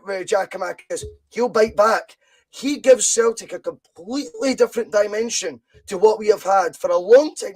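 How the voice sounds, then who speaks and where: This Scottish man, whose voice sits fairly high, runs a relaxed football podcast. Animated and full of opinions, he leans hard on every argument he makes.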